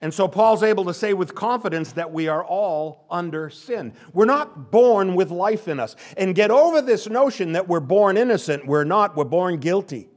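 A man's voice: high voice, lively intonation, normal speed, hardly any pauses. An older male pastor giving a sermon, stressing and repeating key phrases. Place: church sanctuary.

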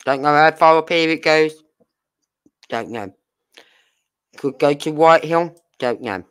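A true crime host talks through a case in a casual, unhurried way, taking each point slowly. The delivery is sarcastic and full of rhetorical questions, with blunt, crude slang. The voice sits at a middling pitch. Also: a bit bright, smooth.

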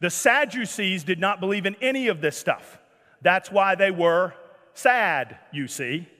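A man preaching a sermon as pastor, animated and jokey, acting out the scripture scenes. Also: high-pitched, moderate pace, in a large hall. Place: church sanctuary.

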